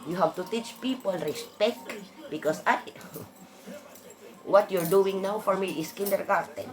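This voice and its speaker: A woman's voice: mid-range voice, unhurried, crowd noise. A woman in a casual monologue, blunt and emphatic, swearing freely as she rants. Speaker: vlogger.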